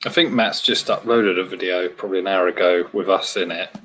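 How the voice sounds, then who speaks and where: A man's voice: sits low, fairly even intonation, fairly quick, a bit bright, a little hiss or hum, low-quality recording. A man from Britain chatting casually about exploring, explaining his views steadily. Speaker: urban explorer in a group chat. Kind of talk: casual chat.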